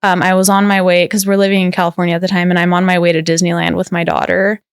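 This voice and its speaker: A woman telling a personal story as a podcast guest, her voice smooth and resonant. She talks candidly and loosely, leaning on "like" fillers, and the sound is close and dry. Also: on the low side, flat delivery, fast talker, no room sound. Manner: candid, rambling, heavy use of "like" fillers.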